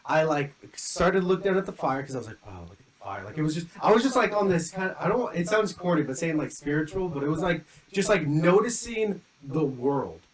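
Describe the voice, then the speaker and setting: A man's voice: fairly high pitch, brisk, few pauses, crowd noise, rough recording. A young man casually telling a long story on a podcast, rambling with many "like" fillers and acting out quotes. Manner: rambling, lots of "like" fillers, lively re-enacted quotes. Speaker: podcast co-host.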